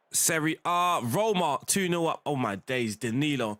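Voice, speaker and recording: Chatty young man, lively and dry. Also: fairly high pitch, normal speed, no echo. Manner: chatty, laughs often, says "bro" and "innit". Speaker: gaming streamer. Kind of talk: casual game commentary.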